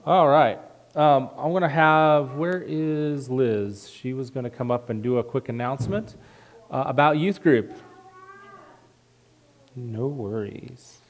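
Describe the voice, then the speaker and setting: Male pastor, mid pitch, loose joking delivery full of ums, church announcements. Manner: relaxed, joking, halting with many fillers. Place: church sanctuary.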